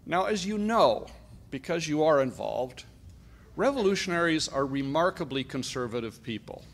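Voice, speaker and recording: A man's voice: fairly high pitch, lively intonation, slight background noise. Emphatic middle-aged man giving a speech. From Canada. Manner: emphatic, deliberate lecturing. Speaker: conference speaker. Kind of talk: political speech.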